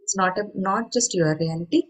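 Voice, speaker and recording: Speaking at normal speed in a mid-range voice, a middle-aged meditation speaker earnestly addresses an online group about mindfulness. She uses everyday examples and rhetorical questions to explain, and the recording is low quality.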